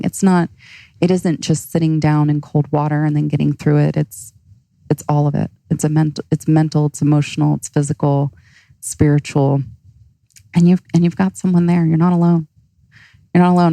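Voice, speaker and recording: Brief: low, gravelly, flat-toned woman coach, earnest and reflective. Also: no room sound, rough recording. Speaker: ice bath coach. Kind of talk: earnest interview answer.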